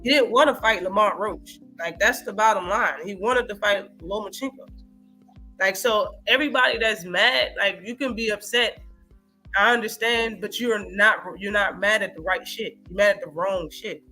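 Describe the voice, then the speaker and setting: Brief: high, bright-voiced man, streaming host, animated and profane, faint music behind. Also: moderate pace. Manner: animated, profane, reacts to live chat. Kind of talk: casual live-stream boxing talk.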